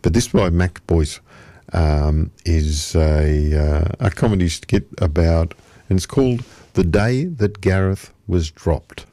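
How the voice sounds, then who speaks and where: A male radio host with a very low voice chats through his show in an unhurried, meandering way. His tone is warm and mellow. The studio sound is dry and close. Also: dry recording. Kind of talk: casual radio chat.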